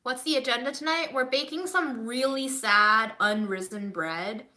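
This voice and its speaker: A woman chats candidly to her livestream viewers from her home kitchen, in an unhurried, drawn-out way. Her voice is very bright and sits a little high. The room is echoey around her. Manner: chatty, candid, swears casually. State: recovering from covid. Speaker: livestreaming vlogger. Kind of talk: casual livestream chat to viewers.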